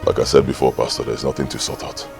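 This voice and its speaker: An actor playing a proud, aggrieved elder brother with a Nigerian accent, indignant and defensive. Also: male voice, a bass voice, level tone, gravelly. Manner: indignant, defensive, rapid bursts. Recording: distant mic, soft music behind.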